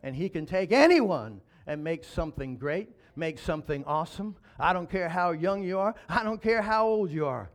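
Male pastor, high voice, emphatic sermon delivery with rhetorical questions. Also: animated, normal speed, few pauses.

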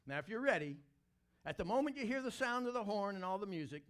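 A man voicing an arrogant, angry ancient king who threatens and mocks, pitched lower than his own voice. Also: very animated, fast, fairly bright tone. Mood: threatening. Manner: boastful, mocking.

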